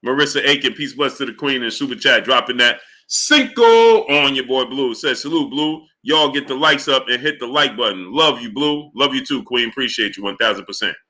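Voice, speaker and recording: A man hosting a sports livestream, talking fast and exasperated, firing rhetorical questions and greeting chatters in a low mutter. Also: animated, sharp tone. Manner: exasperated, rhetorical, repeats himself. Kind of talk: live stream commentary, reading chat.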